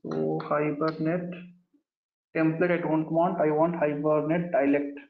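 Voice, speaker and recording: A man's voice: fairly high pitch, little pitch movement, unhurried, gravelly, roomy sound, phone-quality sound. A man teaching a live coding lesson, talking through each step as he types and often calling the class "guys". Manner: talks through steps while typing, often addresses the class as "guys". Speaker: programming instructor.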